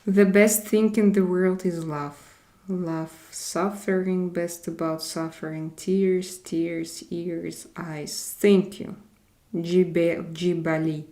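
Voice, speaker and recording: A woman's voice: fairly low pitch, fairly even intonation, slow pace, warm tone. Woman with a Russian accent chatting to viewers. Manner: chatty, answers viewers' comments, switches between languages. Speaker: live-stream host reading chat. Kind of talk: casual live-stream chat.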